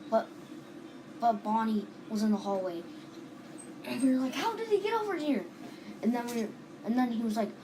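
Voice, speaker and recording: A woman's voice: on the high side, background noise. A woman casually retelling a dream, rambling and restarting with lots of "and then", on a home recording. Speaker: storyteller.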